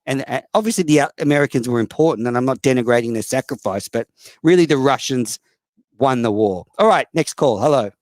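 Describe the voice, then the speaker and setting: A man's voice: mid-range voice, fairly quick, a little mellow, dry recording. An Australian man hosting a casual call-in show, blunt, profane and mocking toward callers and other hosts. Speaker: host.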